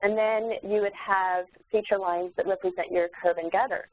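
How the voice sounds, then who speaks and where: A woman's voice: medium pitch, moderate pace. Woman teaching over tinny webinar audio. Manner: relaxed, explanatory, many fillers and restarts. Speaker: software instructor. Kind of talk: live webinar demonstration.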